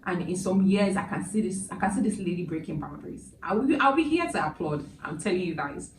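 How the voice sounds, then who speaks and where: A woman chatting through a movie review in a casual, emotional way, with lively asides. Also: on the low side, fairly quick. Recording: echoey room, distant mic, background noise.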